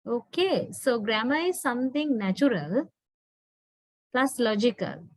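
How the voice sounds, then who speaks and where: A woman's voice: high-pitched, no echo, poor audio. A woman lecturer with a Sri Lankan English accent, patiently explaining in an online class and often checking in with her students.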